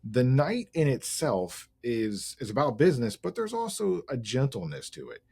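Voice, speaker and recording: A middle-aged man hosting an interview, speaking in a halting, thoughtful way. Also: medium pitch, big pitch swings, vocal fry, darkish tone, slightly rough. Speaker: podcast host. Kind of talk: casual interview chat.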